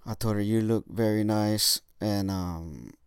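A young man talks casually, swearing freely and filling pauses with ums and likes. His voice sits low and sounds smooth and clear. The recording is dry and close, with no room sound. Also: dry recording. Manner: casual, swears often, frequent fillers. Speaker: dating coach vlogger. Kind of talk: casual monologue.

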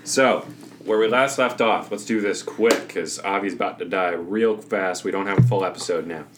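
A man's voice: sits low, normal speed, heavy background noise. A man narrating as game master of a tabletop role-playing podcast, casual and self-correcting.

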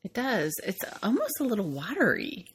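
A woman's voice: mid-range voice, wildly swooping pitch, moderate pace, husky. A woman co-hosting a casual beer tasting, giving brief, agreeable remarks on the flavors. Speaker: co-host taster.

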